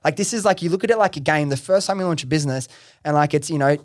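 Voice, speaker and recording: A man hosting a podcast, telling his startup story in casual chat, excitable, swearing freely and saying "like" a lot. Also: a little high, rapid-fire, no echo, studio quality. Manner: excitable, swears freely, heavy use of "like" and "bro".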